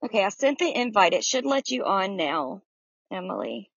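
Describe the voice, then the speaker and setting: A woman's voice: medium pitch, very animated, moderate pace, creaky, husky, no room sound. A woman hosts a Bible study in a friendly, chatty tone and greets listeners by name. The sound is dry and close, with slightly muffled lo-fi audio. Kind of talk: casual chat. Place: outdoors in the sun.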